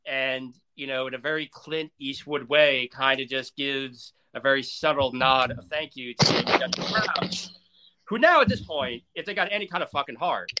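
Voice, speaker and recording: A man retelling a wrestling match in casual, animated talk, swearing freely and acting out what people said. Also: a little high. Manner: profane, emphatic, acts out quotes. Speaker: wrestling storyteller.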